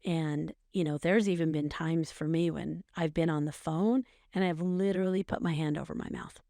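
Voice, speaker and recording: A middle-aged woman with a fairly low voice talks through advice in an earnest, coaching way, often repeating phrases to drive a point home. She sounds close and dry, with no room around her. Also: steady tone, normal speed, warm tone, dry recording. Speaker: podcast co-host, mother. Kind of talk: casual advice chat.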